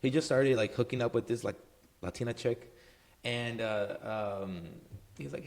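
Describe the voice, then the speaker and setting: A man's voice: mid-range voice, a little slow. Casual chatty man giving marketing advice. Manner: loose and conversational, full of "right?" and "um". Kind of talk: casual talking-head advice.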